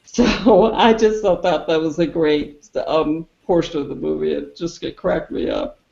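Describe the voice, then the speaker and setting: Animated movie review host acting out scenes, echoey dull-sounding room. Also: medium pitch, measured pace, vocal fry. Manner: animated storyteller who acts out the characters' lines. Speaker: film review show co-host. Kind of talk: casual film review chat.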